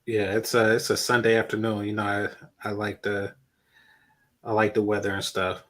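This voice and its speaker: A man with a fairly low but bright, forceful voice talks as a guest on a casual podcast. He speaks haltingly and fills his pauses with ums. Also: level tone. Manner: hesitant, halting, with fillers. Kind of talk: casual chat.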